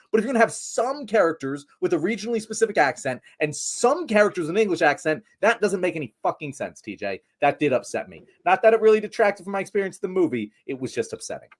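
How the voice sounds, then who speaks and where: A man's voice: high voice, lively intonation, fast talker, few pauses. A man co-hosting a casual chat, ranting emphatically about a movie and swearing. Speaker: podcast co-host.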